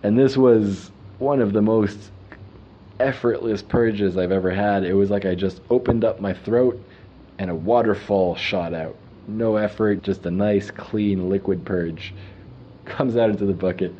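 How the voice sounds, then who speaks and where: A man calmly telling a personal story in the first person, reflective and unhurried. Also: on the low side, muffled recording.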